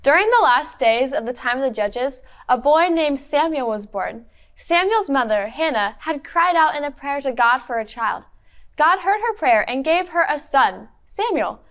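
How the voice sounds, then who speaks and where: High-voiced woman telling a kids' Bible story. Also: lively intonation, normal speed, fairly bright tone. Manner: clear, encouraging teacher tone. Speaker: children's Bible lesson leader. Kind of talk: interactive Bible storytelling for kids.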